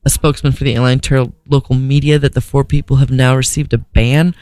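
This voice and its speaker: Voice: medium pitch, level tone, a little fast, a little mellow, no room sound. Profane, incredulous comedic news reader. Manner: profane, incredulous asides between read-out sentences. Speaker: podcast co-host. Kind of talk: comedic reading of a news story.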